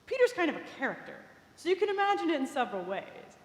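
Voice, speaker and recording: A woman's voice: sits high, sing-song, quick pace. A woman preacher retelling a story in a conversational sermon, with small asides. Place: large cathedral. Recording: echoey cathedral with long reverb.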